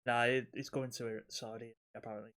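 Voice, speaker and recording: A man's voice: medium pitch, little pitch movement, a little fast, a bit bright. Man with dry remarks. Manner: dry short reactions, swears. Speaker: podcast co-host. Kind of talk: casual chat.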